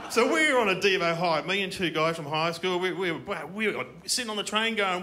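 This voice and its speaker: A man's voice: high-pitched, expressive, fairly quick, pushed and bright. A middle-aged Australian man performing a stand-up comedy routine on a festival stage, telling a story and acting out the characters in it. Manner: storytelling with acted-out characters and punchlines. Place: comedy festival stage before a live audience.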